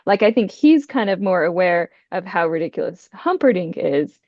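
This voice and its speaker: Low-voiced woman telling a story. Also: expressive, moderate pace, no room sound, highs cut off. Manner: storytelling, laughing between phrases. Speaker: podcast co-host. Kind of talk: casual chat.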